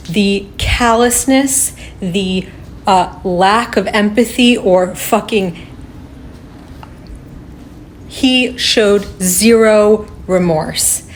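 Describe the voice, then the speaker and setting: A woman giving unscripted reaction commentary, agitated and swearing, shaken and halting as she talks. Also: mid-range voice, slight background noise. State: shaking with upset. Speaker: reaction video creator.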